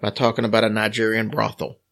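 A man's voice: lowish voice, completely flat delivery, quick pace, creaky, fairly bright tone. A man co-hosting a podcast, telling a story in casual chat with a wry, joking manner. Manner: wry, joking, recounts a story from his notes. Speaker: podcast co-host.

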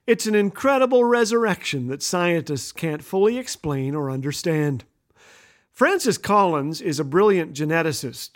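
Middle-aged guy hosting a radio show, playful, high voice that bounces all over. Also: animated, moderate pace. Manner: playful, laughs at his own jokes. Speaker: radio host. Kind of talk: humorous storytelling monologue.

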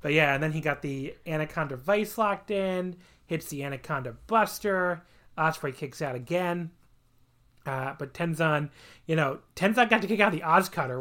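Rambling casual man, animated and swearing. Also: a little high. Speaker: podcast co-host. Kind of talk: casual wrestling review chat.

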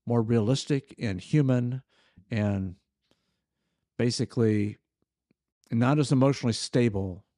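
An older man co-hosting a podcast, telling stories about a book in a measured, easygoing way. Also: mid-range voice, dark tone, dry recording, clean studio sound. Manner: measured, storytelling. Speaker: podcast co-host. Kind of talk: casual book discussion.

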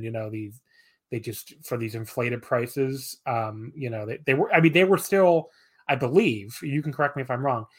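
A man appearing as a guest on a podcast, talking casually and rambling, often laughing at himself. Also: mid-range voice. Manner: laughing, rambling, self-deprecating.

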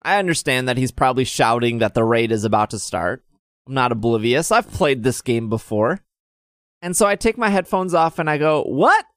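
A man's voice: mid-range voice, animated, brisk, clear, resonant tone, no room sound, studio quality. A man casually telling a story on a podcast, acting out the other people's lines in raised voices. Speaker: podcast co-host.

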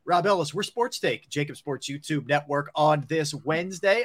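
A man's voice: fairly high pitch, normal speed, hardly any pauses. Male sports talk host, casual, steers segments. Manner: conversational, steers the show to breaks and segments.

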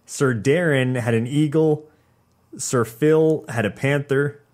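A man co-hosting a podcast in casual chat, calmly recounting scenes and reading off details. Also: mid-range voice, slow. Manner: relaxed, listing details from notes. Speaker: podcast co-host.

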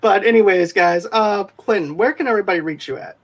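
A man's voice: high-pitched, a little fast, a little hiss or hum. A man hosting a casual podcast, rambling and repeating filler phrases. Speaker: podcast host.

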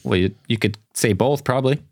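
A man's voice: medium pitch, a little mellow, no echo, studio quality. A man co-hosting a casual podcast, joking and spinning playful theories. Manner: playful, speculative, quick to joke. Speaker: podcast co-host.

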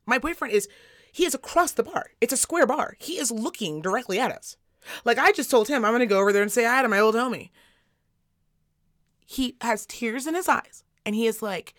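A woman co-hosting a podcast, telling stories in casual chat, animated and swearing freely. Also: a little high. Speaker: podcast co-host.

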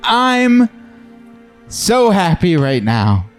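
A man, a comedian guest, doing an improvised comedy bit with drawn-out, exaggerated delivery. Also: high voice, huge pitch swings, faint music behind.

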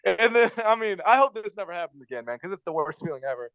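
A man with a high voice rattles through a personal story at a quick clip, circling back and repeating himself. The sound is dry and a little dull, recorded close with no room around it. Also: lively intonation, dry recording. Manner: rambling, repeats himself, frequent fillers. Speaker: podcast guest telling a story. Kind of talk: casual storytelling chat.

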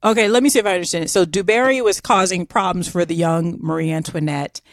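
Woman co-host, playful banter, mid-pitch, dry close mic. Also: no echo. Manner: playful, teasing, quick asides. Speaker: podcast co-host. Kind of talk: casual banter.

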